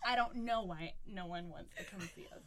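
A woman cracking quick jokes and reacting dramatically in casual comedic chat. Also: medium pitch, noisy background.

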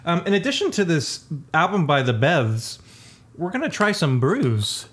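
A man's voice: fairly high pitch, big pitch swings, measured pace, fairly bright tone. A man co-hosting a podcast in casual chat, joking and rambling, often laughing. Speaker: podcast co-host.

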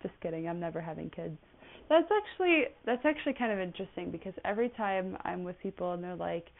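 A woman's voice: fairly low pitch, animated, quick pace, gravelly. A woman in her twenties rambling through a casual personal monologue, with many "like" fillers. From United States. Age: 20s. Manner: rambling, chatty, full of "like" fillers. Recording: tinny phone-like audio.

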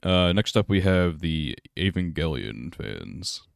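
A man's voice: sits low, sing-song, takes it slowly, vocal fry, smooth, no room sound, clean studio sound. A young man co-hosting a casual podcast, talking in a laid-back, rambling way with frequent laughs. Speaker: podcast co-host.

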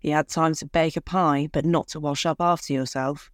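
A woman's voice: low voice, steady tone, moderate pace, dry recording, studio quality, lightly acted. A woman narrator voicing a cold, dismissive man who speaks in curt, clipped lines.

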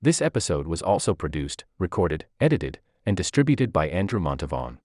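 A very deep male voice reads the closing credits like an announcer, measured and formal. His pitch swings widely across phrases. The sound is close and dry, with no room around it. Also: sing-song, a little mellow, dry recording. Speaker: announcer reading the outro credits. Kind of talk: scripted credits read.

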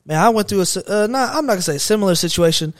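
Excitable young man, slightly high voice. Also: racing, no room sound. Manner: animated, excitable, heavy slang. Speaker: podcast guest. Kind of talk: casual storytelling chat.

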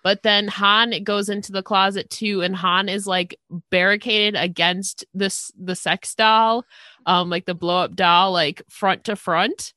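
A woman's voice: mid-range voice, steady tone, measured pace, sharp tone, no room sound, clean studio sound. A woman hosting a podcast, chatting casually and easily with many "like" fillers. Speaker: podcast host.

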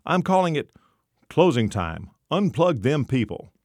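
A man's voice: on the high side, very animated, unhurried, no echo, studio quality, voice pushed up, heavily acted. A man reading the lines of a scheming bartender in his forties, conspiratorial and hesitant.

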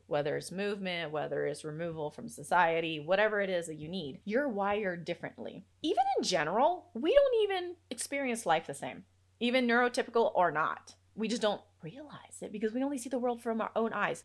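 Woman in her 30s, from Africa, solo podcast host; animated pitch, chatty, laughs easily. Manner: lively, chatty, laughs often, quotes herself. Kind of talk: casual solo podcast talk.

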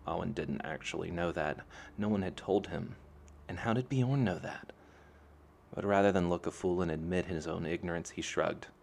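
A man narrating a fantasy novel as an audiobook, in a calm, even storytelling manner. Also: sits low, normal speed, gravelly, slight background noise.

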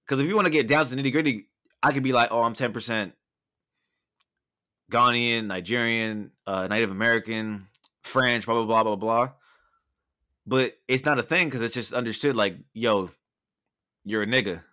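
A young man from Southern California hosting a casual podcast chat, telling stories in a loose, profane, animated way. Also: medium pitch, normal speed, long pauses.

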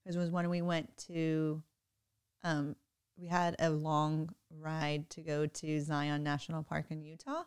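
A woman in her thirties, a mother chatting casually on a podcast, animated and often laughing. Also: sits low, unhurried, clear, resonant tone. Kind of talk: casual chat.

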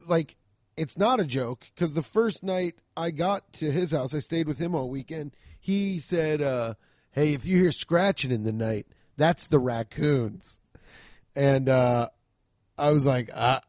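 A man, a stand-up comic, casually telling a profane story about a rough show, acting out both sides of the exchanges. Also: fairly high pitch, no echo, clean studio sound. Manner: profane, animated retelling with quoted exchanges. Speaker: stand-up comedian.

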